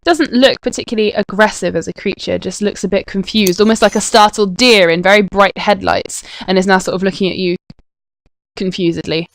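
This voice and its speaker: A woman's voice: medium pitch, fairly even intonation, a little fast, low-quality recording. A woman narrating a tabletop game as game master, descriptive and full of hesitant fillers.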